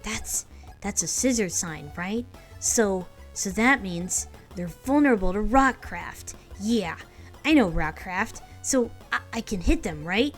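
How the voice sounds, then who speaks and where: A woman's voice: mid-range voice, expressive, takes it slowly, faint music behind. A woman voicing a bratty, feisty child in a video game who talks bluntly and stammers. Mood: eager. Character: bratty, feisty young child fighter in training.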